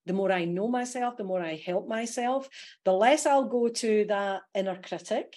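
A woman with a Scottish accent, a coach guesting on a podcast, explaining her ideas in a lively way and laughing often. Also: mid-range voice, moderate pace. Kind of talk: casual podcast interview.

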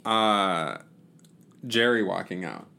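A man's voice: low voice, sing-song, slow, gravelly, bright, forceful tone. A young man co-hosting a podcast in casual chat, chuckling, swearing and making fun of himself. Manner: chuckling, swearing, self-deprecating. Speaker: podcast co-host.

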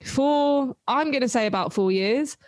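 A young woman hosting a pop culture podcast, gushing and excitable, quick to laugh in casual chat. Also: high voice, no room sound, clean studio sound. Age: young adult. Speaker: podcast host.

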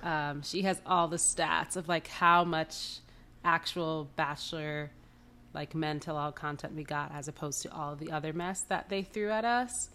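A woman co-hosting a casual podcast chat, her voice going hoarse. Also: sits low, measured pace, pushed and bright. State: losing her voice. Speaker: podcast co-host.

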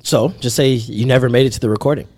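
A man's voice: medium pitch, fairly even intonation, darkish tone. A man on a podcast teasing his friends and tossing out jokes. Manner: slow, teasing, joking. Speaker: podcast co-host. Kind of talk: casual chat.

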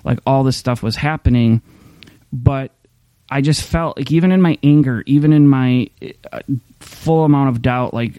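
A pastor delivers a sermon in a frank, conversational style, frequently starting his sentences over. His voice is medium-pitched, dark and clean at normal speed, recorded on a streaming camera mic with no room sound.

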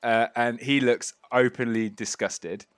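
A man's voice: medium pitch, steady tone, unhurried, clear, resonant tone, no room sound, studio quality. A man narrating as game master of a tabletop game, rambling with many fillers.

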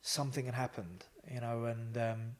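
A man, a psychotherapist guest telling a lively story in a casual interview. He swears and laughs as he talks. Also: mid-range voice, moderate pace.

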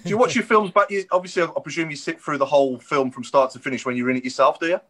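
A man's voice: on the high side, very fast, fairly bright tone. A man co-hosting a casual podcast, putting listener questions to the guest. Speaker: podcast co-host.

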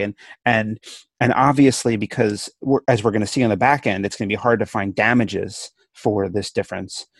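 A man with a gravelly, fry-laced voice talks through law cases in a loose, playful podcast chat. He restarts his sentences often. The recording is close and dry. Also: on the low side, no echo. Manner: chatty, many restarts, playful. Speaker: law professor co-host. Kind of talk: casual discussion podcast.

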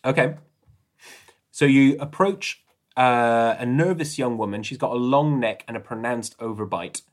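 A man running a tabletop horror game as game master, relaxed and laughing easily between descriptions. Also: mid-range voice, a little slow.

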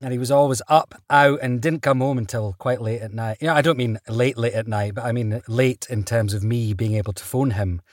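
A man, an actor guest, telling stories in a relaxed interview, chatty and quick to laugh. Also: medium pitch, no room sound, clean studio sound. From Britain. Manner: chatty, laughs often, restarts mid-sentence.

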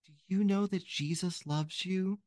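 A man's voice: high-pitched, unhurried, darkish tone, dry recording, clean studio sound, voice pushed up. A man voicing a pushy little girl of about ten handing out religious pamphlets. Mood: preachy.

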